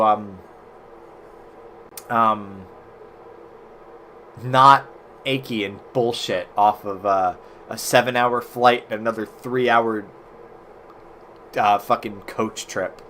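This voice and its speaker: American male streamer, mid-pitched, loose chatty game commentary, faint room hum behind. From United States. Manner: chatty, swears casually, reacts loudly to the game. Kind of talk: casual gaming commentary.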